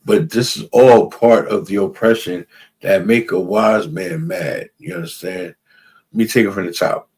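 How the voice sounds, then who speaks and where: Husky low-voiced man preaching emphatically. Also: fairly even intonation, unhurried, darkish tone. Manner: emphatic, repeats phrases, asks "you understand?"; reads out scripture verses. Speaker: religious class teacher. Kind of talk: preaching to a class.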